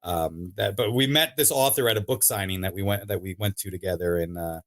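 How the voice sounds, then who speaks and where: A man in a casual interview, talking about his narration work in an animated, giggly way with plenty of fillers. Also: deep voice, fairly quick, dry recording. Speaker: guest, audiobook narrator.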